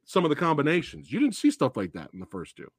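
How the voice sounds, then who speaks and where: A man hosting a podcast, excitedly chatting about films, swearing often and acting out favorite movie lines. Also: on the high side, quick pace, slightly rough, dry recording, studio quality. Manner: excitable, profane, acts out movie quotes. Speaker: podcast host. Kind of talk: casual movie chat.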